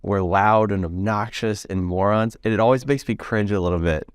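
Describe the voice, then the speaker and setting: An American man with a very low voice hosts a relaxed podcast interview, tossing out jokes and loose asides full of "like" and "uh". The sound is close and dry. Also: normal speed, clear, resonant tone, no room sound. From United States. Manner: easygoing, joking, filler-heavy. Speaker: podcast host. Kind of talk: casual interview chat.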